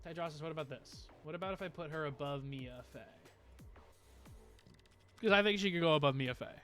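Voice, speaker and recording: A man's voice: on the high side, a little fast, a bit bright, faint music behind. A man streaming live, chatting casually and rambling to his viewers with frequent laughs.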